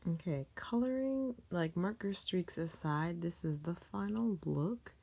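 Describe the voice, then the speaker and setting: A woman casually talking through her drawing process, chatty and sometimes dropping to a soft near-whisper. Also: on the low side, lively intonation, unhurried, creaky. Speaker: art vlogger. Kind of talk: casual narrated drawing tutorial.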